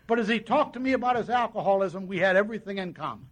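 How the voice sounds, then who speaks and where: A man's voice: sits high, animated, fast talker. A man sharing his personal recovery story at a meeting, in a folksy storytelling way with lots of quoted dialogue. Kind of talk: personal testimony to an audience.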